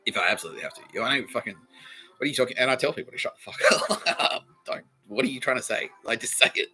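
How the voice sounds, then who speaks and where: Australian man, podcast host, rambling comic monologue, swings his pitch up and down a lot, frequent laughs. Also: expressive, fast, sharp tone, soft background music, low-quality recording. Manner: profane, laughs mid-sentence, restarts often.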